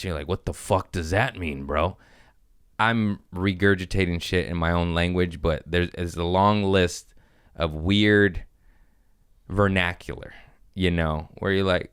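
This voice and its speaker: A man's voice: low voice, unhurried, clear, resonant tone, dry recording, studio quality. A man hosting a podcast in casual chat, rambling and profane, acting out what people said. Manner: profane, rambling, quotes people in animated voices. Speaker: podcast host.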